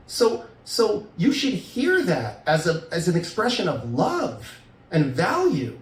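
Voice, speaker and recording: Animated man in a roomy room. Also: high voice, slow, recorded from a distance. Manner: animated storyteller, acts out quoted voices. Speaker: divorce lawyer. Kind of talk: podcast advice talk. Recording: roomy sound, voice a bit off mic.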